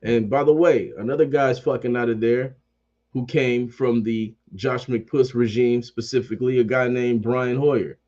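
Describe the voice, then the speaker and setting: A man's voice: mid-range voice, steady tone, measured pace, mellow, lo-fi sound. A man ranting about sports as a fan commentator. He swears constantly, repeats phrases, and keeps up a heated, profane energy.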